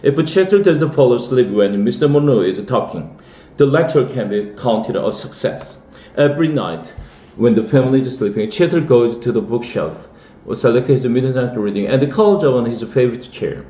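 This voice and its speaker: A man from South Korea, an English teacher, reading a children's novel aloud in a steady way. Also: medium pitch, normal speed, echoey room. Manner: steady read-aloud with lively dialogue.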